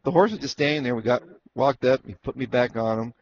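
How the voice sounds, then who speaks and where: A man's voice: medium pitch, fast. A man from Arizona, a former jockey, telling stories from his racing days in a casual interview and acting out what people said. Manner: animated storyteller who acts out what was said. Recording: dull lo-fi recording with faint noise.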